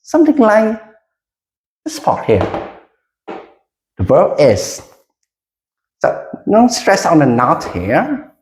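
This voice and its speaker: An English teacher giving a classroom micro lesson, speaking slowly and deliberately with frequent hesitations and leading the class in repetition. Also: medium pitch, huge pitch swings, a little mellow, a little hiss or hum. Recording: roomy echo.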